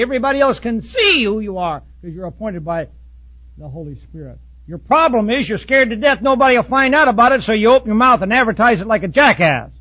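Husky high-pitched guy preaching, blunt folksy sermon, muffled old recording. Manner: blunt, folksy preaching with sudden loud outbursts and soft asides. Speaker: pastor.

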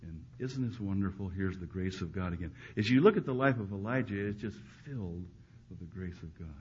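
A man preaching a sermon, swinging between loud emphatic peaks and hushed, quiet asides. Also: deep voice, animated, fairly quick, a little hiss or hum. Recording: dull lo-fi recording.

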